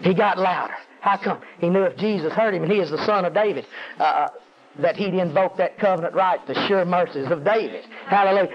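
A man preaching a sermon, calling out to the congregation and climbing to high, intense peaks. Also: brisk. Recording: dull lo-fi audio.

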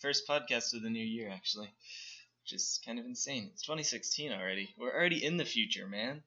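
A man co-hosting a podcast in casual chat, dropping dry, wry remarks. His voice is very bright and forceful. The sound is dull and lo-fi. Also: medium pitch. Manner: dry, wry, quick to tease. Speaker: podcast co-host.

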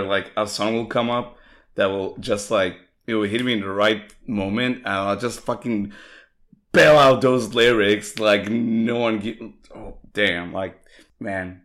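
A laid-back man chatting on a podcast, swearing casually. His voice is on the low side and is still recovering from being lost. The talk is relaxed and loose. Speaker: podcast co-host. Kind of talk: casual chat.

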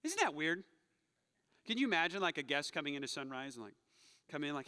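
A man's voice: a little high, big pitch swings, brisk, long pauses, sharp tone, clean tone, in a large hall. A male pastor preaching a sermon in a church, telling the story with animation and acting out quoted voices. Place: church sanctuary.

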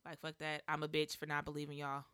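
Close to a studio mic, a woman in her thirties co-hosts a podcast, chatting casually, bluntly and profanely, with plenty of jokes. Her low voice is bright, forceful and smooth, with a completely flat delivery at a fast clip. There's no echo.

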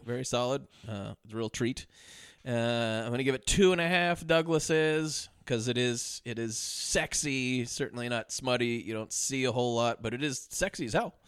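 Man, podcast co-host, bright tone, chatty, laughs while retelling scenes. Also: mid-range voice, clear, resonant tone, no room sound, clean studio sound. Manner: laughing, mimics lines in exaggerated voices. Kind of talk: casual movie review chat.

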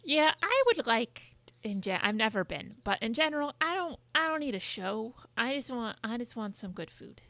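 A woman's voice: a little high, sing-song, normal speed, hardly any pauses, fairly bright tone, no echo. A woman co-hosting a podcast in casual chat, talking loosely with plenty of swearing and filler words. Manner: chatty, frequent swearing and hedging fillers. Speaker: podcast co-host.

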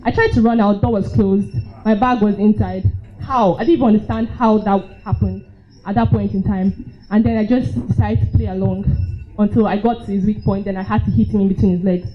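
A woman's voice: mid-range voice, fairly even intonation, brisk, soft background music. A young woman with a Nigerian accent telling a personal story at a live event, laughing often and acting out her own reactions. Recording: dull lo-fi live recording.

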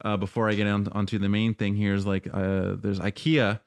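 A man in casual podcast talk, explaining his point in a measured way and walking through examples with some fillers. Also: fairly low pitch, flat delivery, vocal fry, no room sound. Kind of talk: casual chat.

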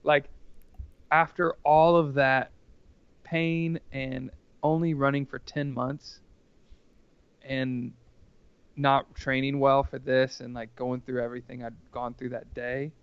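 A man's voice: mid-range voice, flat delivery, slow, long pauses, smooth, no echo, dull audio. A man telling a personal story casually as a podcast guest, rambling and earnest, with lots of filler words.

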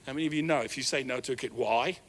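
A middle-aged man with a New Zealand accent, preaching a sermon in a church hall. He tells a personal story in an animated, self-deprecating way. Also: mid-range voice, rapid-fire, slight background noise. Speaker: pastor.

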